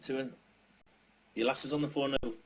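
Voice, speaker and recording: A man's voice: mid-range voice, fairly even intonation, fairly quick, rough recording. A man co-hosting a gaming chat, telling rambling stories full of swearing. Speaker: gaming channel co-host. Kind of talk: casual banter podcast.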